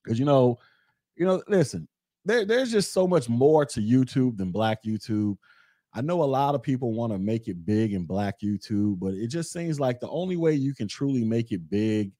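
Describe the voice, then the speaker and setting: A young man hosting a podcast, talking through his views in a relaxed, conversational way and reading chat comments aloud. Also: lowish voice, no room sound, clean studio sound. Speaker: podcast host. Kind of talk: casual commentary monologue.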